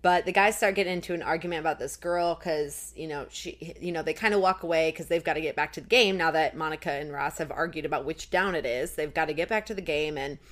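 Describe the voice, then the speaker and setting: Chatty woman recapping, lowish voice. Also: fast, hardly any pauses, a bit bright. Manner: chatty, recounts scenes with lots of "like". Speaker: podcast co-host. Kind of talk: casual recap chat.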